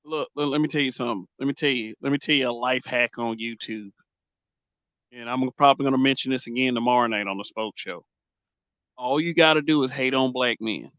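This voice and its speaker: A man's voice: mid-range voice, a little fast, a bit bright, no room sound, lo-fi sound. A man hosting a casual podcast, talking bluntly and emphatically, repeating phrases as he builds his points. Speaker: host.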